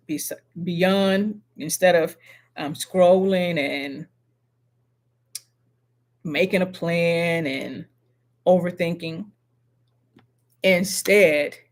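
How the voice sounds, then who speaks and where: A middle-aged woman hosts a motivational live stream. She talks slowly and earnestly, circling back to repeat each affirmation as if speaking to one viewer. She sits close to the mic. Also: fairly low pitch.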